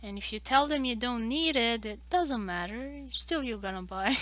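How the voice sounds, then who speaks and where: A woman's voice: a little high, lively intonation, normal speed, a bit bright. A young woman from Romania, chatting casually and rambling with lots of fillers while she draws on a live stream. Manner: rambling, loose, full of "like" fillers and restarts. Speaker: artist streaming a live drawing session. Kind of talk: casual chat while drawing.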